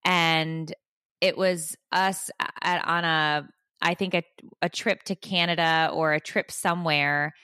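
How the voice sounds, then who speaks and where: A woman's voice: deep voice, fairly even intonation, slow pace, pushed and bright, clear, resonant tone, dry recording, clean studio sound. A woman in her forties co-hosting a podcast, chatting casually and rambling with frequent laughs. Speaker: podcast co-host. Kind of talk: casual chat.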